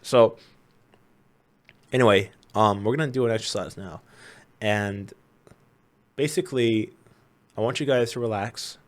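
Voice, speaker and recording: A man's voice: fairly low pitch, a little slow, pauses often. A man hosting his own video, telling a personal story in a casual, earnest, conversational way. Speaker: host.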